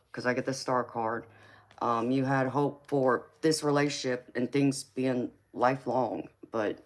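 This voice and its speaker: Southern-accented woman hosting a live tarot reading. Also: rumbling low. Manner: affectionate, greets viewers with endearments like baby and honey; chatty and rambling, with frequent ums and you-knows. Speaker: tarot reader and live-stream host.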